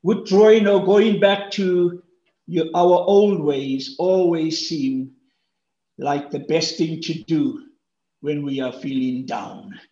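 A man preaching a sermon, animated and acting out the speakers' lines with big jumps in pitch. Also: takes it slowly. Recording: roomy echo, dull lo-fi sound.

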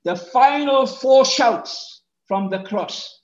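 A high-voiced male preacher delivering a sermon at an unhurried, deliberate pace. He is rhetorical and emphatic, climbing to loud shouts on key points. The recording is echoey and a little muffled. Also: expressive. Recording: echoey, slightly muffled room.

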